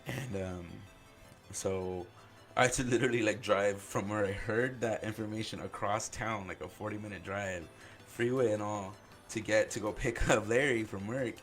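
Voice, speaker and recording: A man hosting a podcast, telling his own story in an earnest, halting way, full of "like" and "um". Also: fairly low pitch, soft background music. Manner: earnest, openly emotional. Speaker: podcast host. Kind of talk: personal storytelling.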